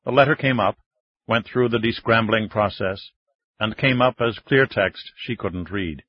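A man narrating an audiobook in a measured, even reading, recorded close in a studio. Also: lowish voice, husky, no echo. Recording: dull, dry studio reading.

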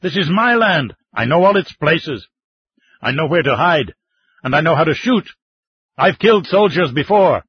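A man voicing a stubborn old Russian hunter and war veteran who refuses to leave his land, speaking gruffly in a raised voice. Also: on the high side, expressive, moderate pace, no echo. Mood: defiant. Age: older. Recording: dull, slightly muffled audiobook sound.

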